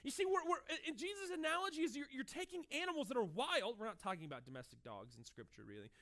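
A man in his thirties preaching a sermon in a conversational, animated way, acting out short dialogues as he goes. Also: very high-pitched, fast. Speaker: pastor.

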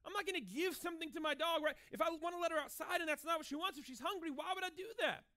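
A male pastor in his thirties preaches conversationally and with animation, performing brief dialogues mid-sermon. He's a fast talker with a very high-pitched voice.

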